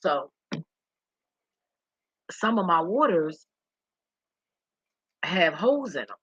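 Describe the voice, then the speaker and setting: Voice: mid-range voice, very animated, takes it slowly, a bit bright, slightly rough, dry recording, muffled recording. A vlogger talking straight to viewers in a rambling, profane and emotional way. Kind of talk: candid monologue to viewers.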